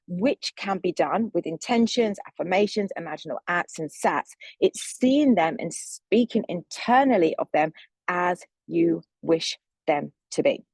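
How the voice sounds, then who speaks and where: Soft, husky-voiced woman. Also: lowish voice, no echo. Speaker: manifestation coach. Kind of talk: calm spiritual teaching monologue.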